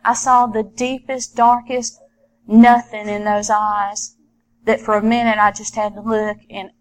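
A middle-aged woman, a former police officer, telling her own story in an earnest, halting way with many repeated starts. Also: mid-range voice, level tone, poor audio. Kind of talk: personal testimony storytelling.

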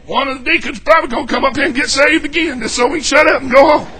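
A man preaching a fervent, folksy sermon in a church, shouting and whooping as he jokes with the congregation. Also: extremely high pitch, very fast. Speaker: pastor.

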